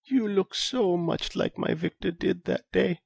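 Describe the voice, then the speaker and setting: A man voicing an elderly widow who speaks softly, slowly and fondly, close to tears. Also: high voice, creaky, breathy edge, dry recording, voice pushed up, full character voice. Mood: wistful. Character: elderly tearful widow, gentle and wistful.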